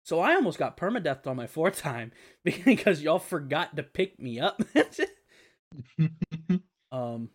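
A young male podcast host with a slightly high voice, big pitch swings and a somewhat slow pace chats casually. He rambles and swears, filling his talk with fillers and frequent laughter.

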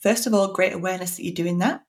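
A woman hosting a solo podcast as a coach, with a slightly low voice. She talks frankly and encouragingly, with dry sarcasm now and then. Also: fairly even intonation, fast talker.

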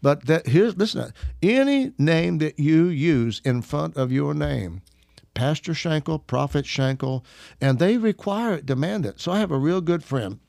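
Gravelly guy from arkansas telling a story, laughs a lot, dry close sound. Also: on the high side, animated, unhurried, a little mellow, no room sound. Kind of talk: casual conversation, storytelling.

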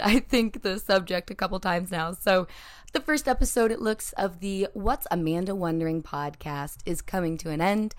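A young woman hosting her own podcast, talking straight to her listeners in a playful, animated monologue. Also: on the low side. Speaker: podcast host.

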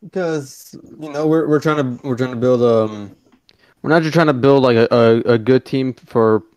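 A man's voice: mid-range voice, normal speed, darkish tone, no room sound, dull audio. Give me a blunt, swearing young man as a podcast guest, dry sound. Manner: swears a lot, blunt and offhand. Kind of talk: casual chat.

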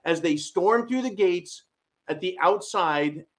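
A man hosting a ranting political commentary show, sarcastic and mocking, with loud asides to his viewers. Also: high-pitched, slow pace. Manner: sarcastic, mocking, shouty rants with audience asides.

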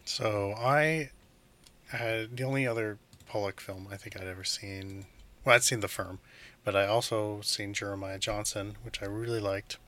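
Man, podcast co-host, excited, laughs a lot, fairly low voice. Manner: enthusiastic, laughs often, acts out scenes in quick voices. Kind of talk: casual film discussion.

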